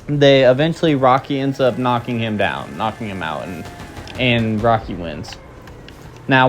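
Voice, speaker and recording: A young man casually recapping a movie plot for his video channel, rambling with lots of fillers. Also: medium pitch. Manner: rambling, filler-heavy, offhand. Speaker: video creator.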